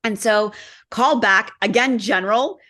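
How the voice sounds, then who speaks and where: A woman who grew up speaking Gujarati, a guest on a podcast, telling stories in a lively way and acting out the voices she quotes. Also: on the high side, unhurried. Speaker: guest, humanitarian photographer. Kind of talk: casual interview chat.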